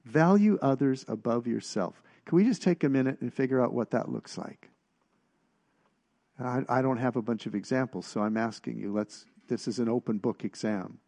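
A man's voice: mid-range voice, normal speed, vocal fry, mellow. A man giving a conversational sermon, emphatic and asking his listeners questions. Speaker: preacher.

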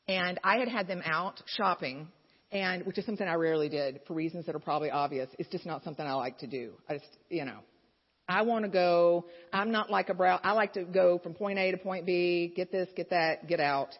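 This speaker at a mothers' gathering talks fairly quickly in a fairly low voice, offering encouraging, faith-based stories told candidly and conversationally with asides. The large hall adds reverb to a dull, lo-fi recording.

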